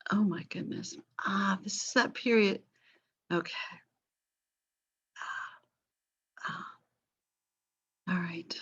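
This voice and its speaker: A woman's voice: medium pitch, takes it slowly, pauses often, a bit bright, breathy edge. A woman teaching a history class online, casual and apologetic, with many fillers. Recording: slightly dull lo-fi call audio.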